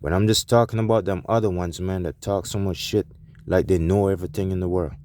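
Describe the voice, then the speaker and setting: A man with a deep, low voice vents as a truck driver talking straight to his viewers. He is heated, profane and defensive, circling back over his points and restarting sentences. The sound is dry and close, with almost no room echo. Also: fairly even intonation, fairly quick, darkish tone. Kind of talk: ranting vlog to viewers.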